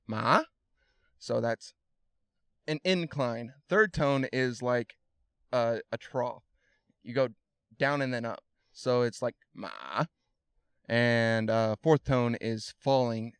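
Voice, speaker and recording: Male podcast guest, smooth clear tone, dry close sound, thoughtful and filler-heavy. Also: medium pitch, no echo. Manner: thoughtful, explains slowly with many fillers. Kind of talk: casual conversation.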